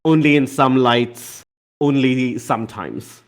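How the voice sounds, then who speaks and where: A man's voice: mid-range voice, slow. A man narrating as game master in a tabletop game, hesitant and full of fillers.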